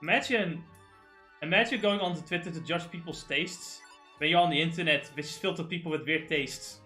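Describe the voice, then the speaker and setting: A man's voice: fairly high pitch, brisk, sharp tone, soft background music. A man hosting a livestream in casual chat, ranting animatedly and swearing freely. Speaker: streamer host.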